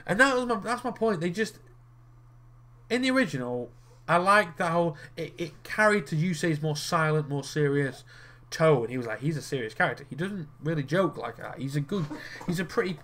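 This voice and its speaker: A man's voice: a little high, expressive, normal speed, a bit bright. A young man rambling in casual commentary while he plays a card game, swearing freely and restarting his sentences as he gets worked up. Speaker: gaming video creator.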